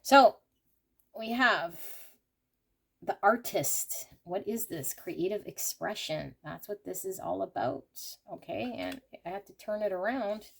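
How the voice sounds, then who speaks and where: A woman's voice: medium pitch, gravelly. A woman giving a pick-a-card tarot reading to her viewers, talking emphatically with rants and many "okay"s. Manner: emphatic, ranting, rapid asides; frequent fillers like "okay" and "here". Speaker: tarot reader. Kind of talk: intuitive tarot reading to camera.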